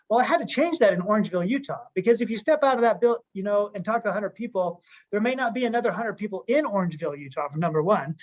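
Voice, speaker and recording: A man's voice: high voice, rapid-fire. Upbeat rambling man on a muffled call. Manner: upbeat, rambling with frequent restarts. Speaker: company co-founder. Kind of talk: conference call pep talk.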